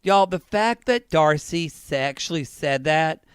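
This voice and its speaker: Campy, expressive man co-hosting a podcast. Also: a little high, measured pace, smooth, no room sound, clean studio sound. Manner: animated, campy, crude and teasing. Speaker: podcast co-host. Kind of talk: casual reality-TV recap chat.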